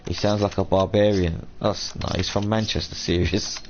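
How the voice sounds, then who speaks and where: A man's voice: low voice, steady tone, normal speed, creaky. A man venting at length on a live stream, rambling and swearing as he quotes people in a raised voice. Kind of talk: casual live-stream rant. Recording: dull lo-fi stream audio, faint room hum.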